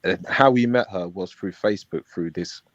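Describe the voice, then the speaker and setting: Man, low voice, meandering street-slang storyteller, dull dry stream audio. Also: normal speed, no room sound. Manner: rambling, street slang, acts out quoted dialogue. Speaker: panel guest. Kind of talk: casual storytelling on a live panel.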